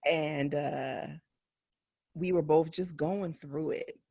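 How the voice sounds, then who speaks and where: Her voice sits low, slow, gravelly, and husky, free of echo. She's a West Philadelphia physician in her forties and a podcast co-host, chatting casually. Her stories are lively, dotted with laughter and performed quotes.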